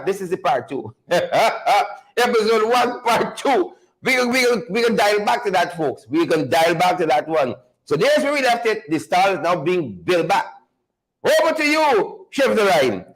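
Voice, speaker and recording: A higher-pitched man hosts a mocking political commentary show, talking loudly and sarcastically. He keeps breaking into amused asides as he pokes fun at officials. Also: sing-song, normal speed, rough recording. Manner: loud, sarcastic, laughing asides. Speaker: host.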